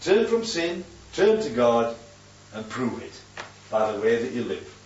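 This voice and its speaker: Man reading as an earnest apostle pleading his case, lively pitch, heard from a distance. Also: measured pace, slight background noise. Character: male apostle on trial, earnest and respectful. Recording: distant, roomy, dull recording.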